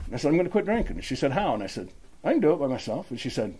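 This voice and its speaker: A man's voice: medium pitch, big pitch swings, fast talker, a little mellow, husky. A middle-aged man from Utah telling his recovery story at a meeting, rambling and acting out the dialogue. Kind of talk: personal recovery story, casual.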